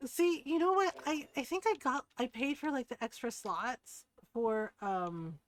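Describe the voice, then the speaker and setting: A woman's voice: high-pitched, measured pace. A woman livestreaming a game, chatting casually and telling a story full of "like" and casual swearing, acting out her friends' lines. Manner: acts out friends' lines in excited voices. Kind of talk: casual chat while gaming.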